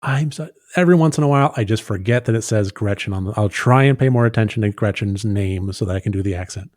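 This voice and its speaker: A man hosting a let's play, reading the game text aloud with low-key asides. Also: quick pace, a little mellow, dry recording, studio quality. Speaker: gaming host. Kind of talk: let's play narration and commentary.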